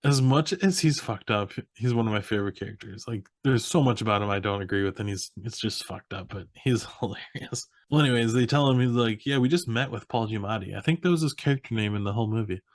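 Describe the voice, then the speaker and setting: In a fast, low-leaning voice with hardly any pauses, a young man co-hosting a podcast runs through a movie plot, casually laughing while voicing the characters. Dry recording.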